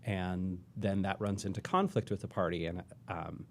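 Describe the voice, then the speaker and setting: A man chatting as a podcast guest in a studio, hesitant, often repeating words and pausing on fillers. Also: low voice, steady tone. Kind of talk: casual chat.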